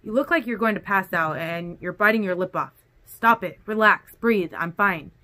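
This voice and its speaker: A woman's voice: medium pitch, moderate pace, pushed and bright, close to an everyday voice. A woman voicing a blunt, easygoing teenage boy in an audiobook, with a casual, teasing way of talking. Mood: calm. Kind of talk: audiobook character dialogue.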